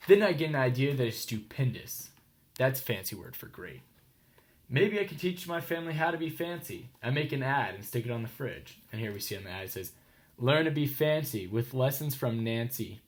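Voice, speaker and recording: A man with an American accent reading a children's picture book aloud slowly, stopping to explain words and ask listeners questions. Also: mid-range voice, big pitch swings.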